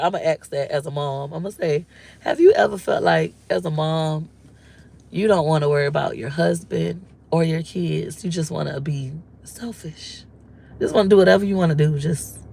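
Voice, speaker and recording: Speaking at a normal pace with a low, warm voice and some vocal fry, this woman in her forties addresses her viewers. A vlogger and mother of grown children, she's candid and emotional, uses casual slang, and acts out her husband's words.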